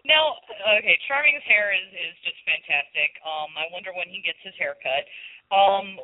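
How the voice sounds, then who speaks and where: A woman co-hosting a podcast, chatting casually in an animated, jumpy way. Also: normal speed, no room sound. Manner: chatty, animated, jumping pitch. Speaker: podcast co-host. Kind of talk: casual chat. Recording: tinny dry phone-like line.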